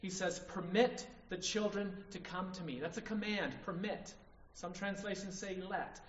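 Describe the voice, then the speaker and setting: A man's voice: sits high, steady tone, normal speed. A man preaching a sermon, emphatic, often checking in with the congregation by asking "right?". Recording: distant, echoey hall, dull sound.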